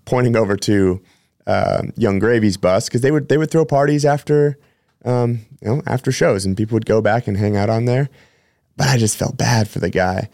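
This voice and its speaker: In a studio-quality, dry recording, a male podcast host who works as a personal trainer spins casual, rambling stories and often corrects himself. He speaks at a normal speed, with a lowish, slightly mellow voice.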